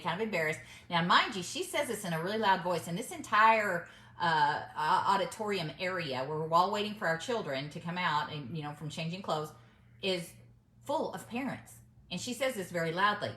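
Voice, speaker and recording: In a roomy-sounding recording, a middle-aged business mindset vlogger chats emphatically to camera, telling a story and calling her audience y'all. She speaks at a moderate pace in a fairly low, expressive voice with a sharp tone.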